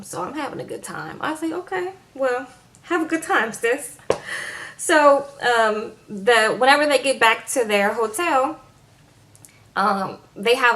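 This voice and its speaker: A woman's voice: mid-range voice, normal speed, a bit bright. A woman giving a casual, sassy recap of a reality show, retelling scenes with playful asides to her viewers.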